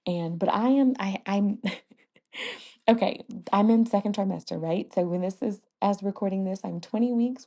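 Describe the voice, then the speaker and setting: Gravelly chatty woman podcaster. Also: mid-range voice, normal speed, warm tone. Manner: chatty, laughs often, many fillers. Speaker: podcast host. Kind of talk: casual chat.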